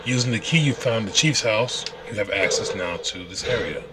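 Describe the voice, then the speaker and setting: A low-voiced man talks through a game as he plays, relaxed and explaining each step. Steady background noise hangs under his voice on the stream recording. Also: a little fast. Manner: relaxed, explains while playing, with restarts. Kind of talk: casual gameplay walkthrough. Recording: noisy stream audio.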